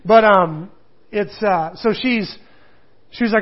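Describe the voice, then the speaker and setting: A male pastor preaching a sermon in a rambling, animated storytelling way, full of restarts. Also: high voice, takes it slowly. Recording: muffled lo-fi recording.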